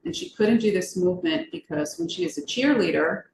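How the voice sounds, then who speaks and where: A woman from the United States, a yoga teacher, leading a relaxed and chatty class on a video call and asking the group questions. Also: on the low side, fairly quick, vocal fry. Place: room on a video call meeting. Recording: echoey room, faint background hiss.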